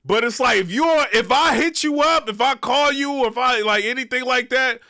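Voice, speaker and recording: Guy vlogging casually, high bright voice, rambles with fillers, dry sound. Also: normal speed, dry recording. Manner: rambling, with frequent "you know what I'm saying" fillers. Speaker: vlog host. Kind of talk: casual commentary vlog.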